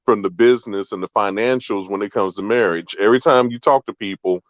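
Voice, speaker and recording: Man, low voice, earnest caller, practical storytelling, dry dull sound. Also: fairly quick, no echo. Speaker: caller on a talk show. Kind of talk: casual storytelling discussion.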